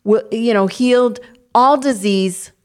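A woman's voice: fairly high pitch, measured pace. A woman co-hosting a Christian talk show, preaching earnestly and leading a spoken prayer. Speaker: co-host.

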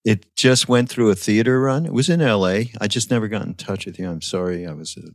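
An older man with a very low, deep voice, recorded dry and close. He tells his stories reflectively and acts out the people he quotes. The conversation is casual. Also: fairly quick, no room sound. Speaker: podcast guest.

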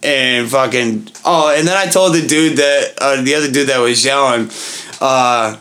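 A young man tells a long, rowdy story in loose podcast chat, swearing freely and slipping into other people's voices. His pitch sits in the middle, and his delivery is animated and profane. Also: unhurried. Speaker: podcast co-host.

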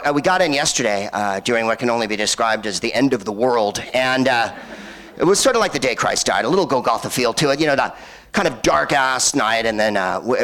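A man works a cinema crowd with loose, sardonic stand-up banter. He wanders through tangents full of "uh"s and dry asides, and his voice sits at a middling male pitch. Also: fairly bright tone. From United States. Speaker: comedian hosting a film screening. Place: cinema stage before a live audience.

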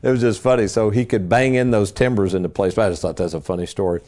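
A man's voice: lowish voice, steady tone, fast talker, darkish tone. A man, hosting a financial radio show in a casual, folksy storytelling way. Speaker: financial advisor and radio host.

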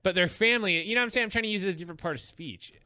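A chatty man talking casually with a bright, forward voice. He rambles, restarts his sentences and laughs often. The sound is close and dry. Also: high-pitched, very fast, no room sound. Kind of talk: casual chat.

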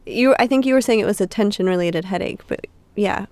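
A woman guest on a podcast, an acupuncturist, talking modestly and softly. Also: medium pitch, brisk, no echo. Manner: modest, soft-spoken. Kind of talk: casual podcast chat.

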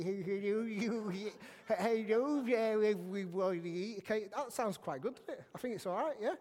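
A man with a notably high voice delivers a sermon to a congregation. He is chatty and pokes fun at himself, drifting into asides. His voice rings out with a long hall reverb. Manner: chatty, self-mocking, with many asides. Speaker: preacher. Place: church hall.

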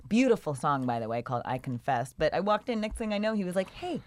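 A woman's voice: low-pitched, very animated, quick pace. A woman guest on a podcast, telling stories in a rambling, casual way with lots of fillers and laughter.

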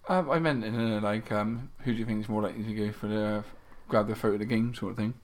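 A man interviewing casually, asking questions in a hesitant, halting way. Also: lowish voice, steady tone. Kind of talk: casual chat.

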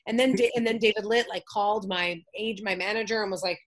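In a mid-range voice, a woman rattles off stories quickly with hardly any pauses. She's an actress and comedian guesting over a remote call, lively and casual, mimicking other people and swearing a lot.

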